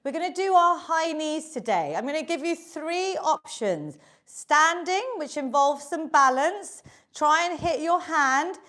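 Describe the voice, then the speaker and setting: British fitness lady, high voice, cheery and encouraging, bit breathless, counting reps. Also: lively intonation, measured pace, fairly bright tone. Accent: British English. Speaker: fitness instructor. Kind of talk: live online exercise class. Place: home workout room.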